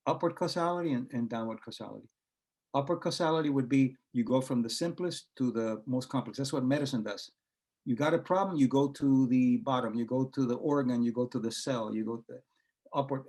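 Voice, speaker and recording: A man's voice: mid-range voice, darkish tone. A man talking in a conversational interview, telling anecdotes and acting out quoted dialogue, with frequent hesitations and restarts. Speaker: guest author and researcher.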